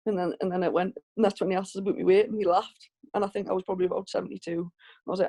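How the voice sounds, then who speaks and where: A woman's voice: mid-range voice, steady tone, racing, dark tone. A woman with a Geordie accent, a professional boxer, telling stories in a casual interview over a video call with lots of restarts. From Northeast England. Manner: chatty storytelling with frequent restarts and laughs.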